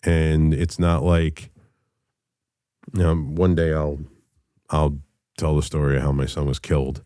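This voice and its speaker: A man in his thirties telling a personal story in a candid, profane way, halting often with fillers. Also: very deep voice, little pitch movement, dark tone, smooth, no room sound, clean studio sound. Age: 30s.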